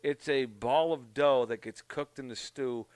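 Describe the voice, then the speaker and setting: A man from Canada telling a story in casual chat on a podcast, profane and animated. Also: mid-range voice, measured pace, dry recording. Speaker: podcast co-host.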